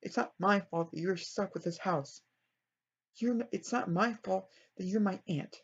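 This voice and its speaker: A man's voice: high voice, normal speed, vocal fry, fairly bright tone, husky, pitched above the performer's own voice, heavily acted. A man voicing an indignant orphan girl. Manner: indignant, accusing. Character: angry orphan girl confronting her cruel aunt. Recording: dull lo-fi recording.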